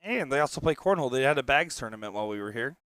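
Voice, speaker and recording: A man's voice: mid-range voice, expressive, very fast, fairly bright tone, no room sound. A man doing live darts commentary with casual, joking asides. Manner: chatty, joking, rambling asides. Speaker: dart commentator.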